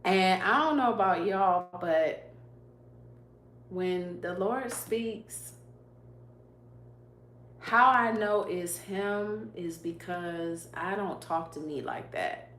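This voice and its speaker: A woman hosting a YouTube livestream shares an emotional faith testimony in earnest, laughing often and reading viewer comments aloud to answer them. Her fairly low voice is fairly bright and slow, with frequent pauses. The room is echoey with a faint hum.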